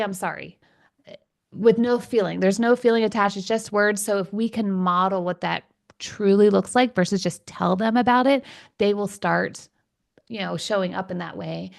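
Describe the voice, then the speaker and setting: A woman's voice: mid-range voice, vocal fry. Enthusiastic woman parenting coach. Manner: enthusiastic, animated, laughs often. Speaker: parenting coach and podcast host. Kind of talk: conversational interview.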